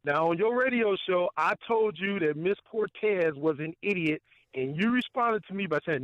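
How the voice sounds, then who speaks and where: A man's voice: high-pitched, lively intonation, normal speed, no room sound. A male talk radio host who chimes in with short agreements and asks his guest pointed questions. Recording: dull lo-fi radio audio.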